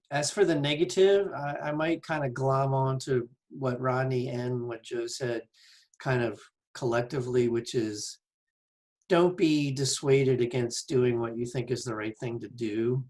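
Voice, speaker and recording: Male band member, middle pitch, measured, hesitant talker. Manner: thoughtful, hesitant with many ums. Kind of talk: casual chat.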